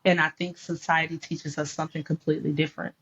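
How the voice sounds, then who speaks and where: A woman's voice: low voice, little pitch movement, fast talker, fairly bright tone, husky. A woman life coach talking about faith and grief in an emphatic, preacherly storytelling way. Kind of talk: faith-based conversation. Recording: dull lo-fi sound.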